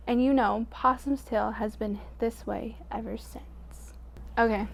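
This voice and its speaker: A woman storyteller reading a picture book aloud to children in an expressive way, dropping to a hush at quiet moments. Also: a little high, a little slow.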